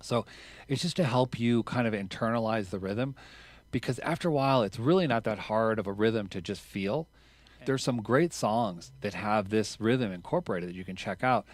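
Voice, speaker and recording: A man teaching drums in a relaxed, chatty way, explaining rhythms and counting triplets out loud as he plays. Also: fairly low pitch, moderate pace, no room sound. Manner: counts triplets out loud over drumming, louder while counting; casual and chatty, with fillers. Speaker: drum teacher. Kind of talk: relaxed instructional talk.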